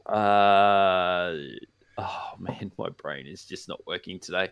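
A man's voice: sits low, steady tone, slow, fairly bright tone, smooth, no echo. A man co-hosting a casual music podcast, rambling with hesitant restarts. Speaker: podcast co-host. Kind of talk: casual chat.

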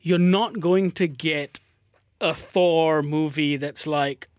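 Man, film podcast co-host, articulate, emphatic, fairly high voice. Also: slow, no room sound, clean studio sound. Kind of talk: casual film discussion.

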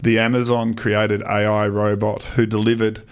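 A man's voice: on the low side, monotone, moderate pace, clear, resonant tone. A man chatting casually as a radio guest, with lots of restarts and easy laughter. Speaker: speech-site founder, radio guest. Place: radio studio.

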